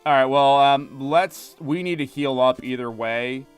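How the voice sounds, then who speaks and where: A man's voice: medium pitch, unhurried, clean tone, faint music behind. A young man with a Philadelphia accent, chatting casually with viewers while playing a game, rambling with lots of fillers and restarts. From Philadelphia area, United States. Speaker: gaming streamer. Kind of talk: casual live-stream chat while playing.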